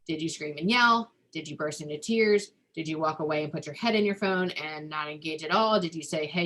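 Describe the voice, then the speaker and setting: A woman's voice: fairly low pitch, a bit bright. A woman family therapist explaining ideas in a webinar-style talk, loose and conversational, with lots of "like" and "um.". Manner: talks through ideas with frequent "like" and "um" fillers.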